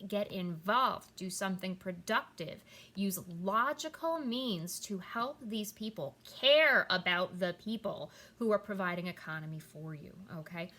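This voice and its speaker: A woman's voice: mid-range voice, sharp tone. A woman teacher talking her students through a recorded lesson, with many "um"s and "okay?" check-ins. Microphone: computer mic at a keyboard.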